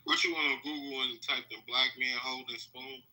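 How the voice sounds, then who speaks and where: A speaker yelling hostile insults in a casual chat in an audio chat room, talking into a phone. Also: medium pitch, fairly even intonation, moderate pace, low-quality recording.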